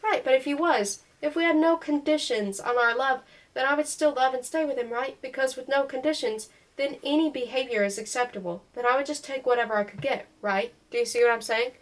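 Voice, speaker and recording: A woman's voice: high-pitched, a little fast, few pauses, natural voice, low-quality recording. A woman reading a novel aloud, voicing a blunt, outspoken mother who speaks firmly and emphatically. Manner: firm and emphatic.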